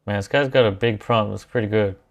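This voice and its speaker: A man hosting a live stream, chatting casually and thinking aloud as he tries out software. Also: fairly low pitch, a little fast, creaky. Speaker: livestream host testing software.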